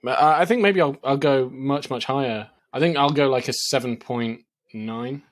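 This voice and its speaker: A man's voice: mid-range voice, moderate pace. A man co-hosting a film review podcast in casual chat, acting out reactions with sudden exclamations. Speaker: podcast co-host reviewing films.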